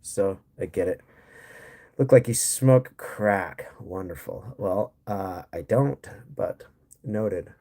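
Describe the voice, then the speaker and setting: An American man with a lowish, warm voice hosts a livestream at a slow pace. He rants bluntly, full of profanity and sarcasm, while reading and answering chat in a casual way.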